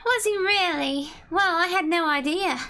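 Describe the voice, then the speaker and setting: A woman's voice: very high voice, a little slow, bright, forceful tone, soft background music, voice pushed up, heavily acted. A woman reading game dialogue aloud, voicing a small, cheerful young girl inventor in a chirpy, prim and polite way.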